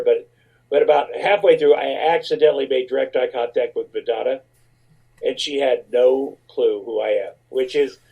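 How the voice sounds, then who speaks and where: A man's voice: medium pitch, mellow, slightly rough, highs cut off. A middle-aged man telling rambling, profane anecdotes in a guest interview, acting out what others said. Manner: profane, rambling storyteller who acts out quotes. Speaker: guest actor telling stories.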